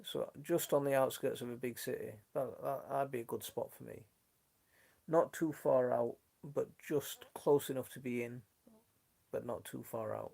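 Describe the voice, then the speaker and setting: A man's voice: medium pitch, fairly even intonation, moderate pace, vocal fry, a little mellow. A man with a mixed Leeds and Sheffield accent hosts a casual gardening live stream on his phone from his kitchen. He chats in a friendly way, reads out viewer comments and trails off into restarts. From Northern England. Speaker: gardening channel host.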